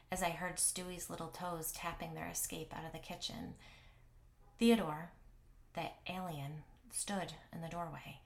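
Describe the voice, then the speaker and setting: A woman tells her own paranormal encounter in a low, confiding voice. She keeps things hushed and close, often slipping into a whisper for effect. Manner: hushed, intimate telling with whispered asides. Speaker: paranormal blogger and storyteller. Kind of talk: first-person story narration.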